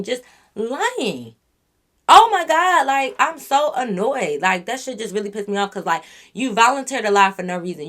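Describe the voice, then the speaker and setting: Blunt, swearing young woman venting. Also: medium pitch. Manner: animated, blunt and profane, venting at the listener. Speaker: YouTube storyteller. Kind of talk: casual storytime rant.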